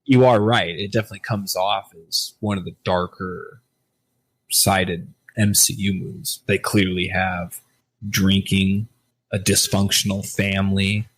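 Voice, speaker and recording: Man, deep low voice, podcast co-host, rambling, profane, casual. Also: flat delivery, unhurried, a bit bright, slightly rough. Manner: rambling, profane, hesitant restarts.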